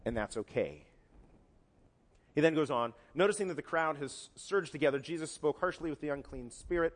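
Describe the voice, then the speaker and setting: A man's voice: a little high, animated, moderate pace. A man preaching a sermon, talking conversationally and acting out quoted lines in different voices. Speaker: pastor. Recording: long hall reverb.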